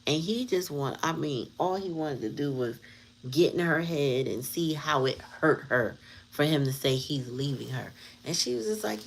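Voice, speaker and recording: A woman with a low-pitched voice hosts her tarot channel in loose, casual chat. She talks bluntly and candidly, mixing in plenty of slang as she tells a story. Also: lively intonation, normal speed, creaky, a little hiss or hum, rough recording. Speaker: tarot reader and channel host.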